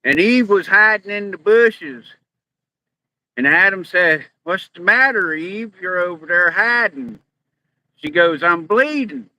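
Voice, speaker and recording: Bright-voiced man telling a deadpan joke. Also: high voice, unhurried, rough recording.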